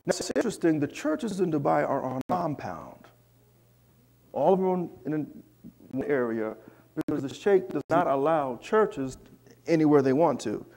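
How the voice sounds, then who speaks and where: A man preaching in a church, telling a lively personal story with asides to the congregation. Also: on the high side, unhurried, vocal fry. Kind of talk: storytelling sermon.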